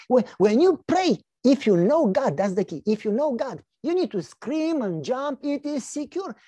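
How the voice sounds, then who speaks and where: A man preaching a sermon, telling stories with lively acted-out dialogue. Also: high-pitched, moderate pace, husky, dry recording. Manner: animated storytelling, acts out dialogue. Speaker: pastor.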